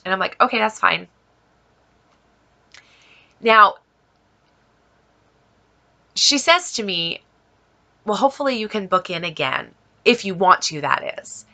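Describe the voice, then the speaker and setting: A woman vlogger telling a story in a lively way, acting out both sides of a conversation with an exasperated edge. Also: mid-range voice, takes it slowly, gravelly, pauses often. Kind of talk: storytelling vlog.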